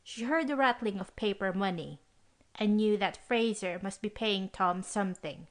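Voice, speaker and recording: A woman narrating a classic mystery audiobook in an even storytelling manner. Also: mid-range voice, moderate pace. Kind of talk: scripted narration.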